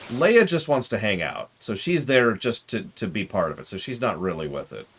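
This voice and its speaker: A man's voice: on the low side, moderate pace, slight background noise. A man streaming a game, chatting casually and joking with his viewers. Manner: chatty, jokey, animated.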